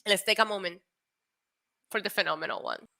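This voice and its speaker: Young woman rambling excitedly to her stream chat, swears a lot, bright tense voice. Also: mid-range voice, fairly quick, gravelly. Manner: excitable, animated storytelling with swearing. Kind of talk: casual live-stream chat.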